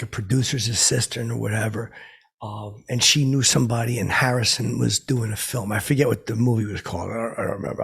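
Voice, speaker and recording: A man doing a gravelly, boastful washed-up DJ. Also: mid-range voice, a bit bright, exaggerated voice. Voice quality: gravelly, extremely raspy. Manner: rambling, self-interrupting, stammering repeats. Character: boastful washed-up male radio DJ, oblivious. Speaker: comedy podcast host playing a character. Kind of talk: rambling comic storytelling.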